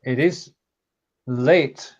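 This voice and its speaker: Male co-host, steady announcer manner, dull lo-fi stream sound. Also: mid-range voice, very slow. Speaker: co-host of a live video show. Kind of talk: casual live-stream chat.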